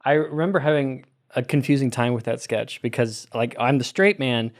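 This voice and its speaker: Male co-host, mid pitch, deadpan, casual chat. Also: moderate pace. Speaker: podcast co-host.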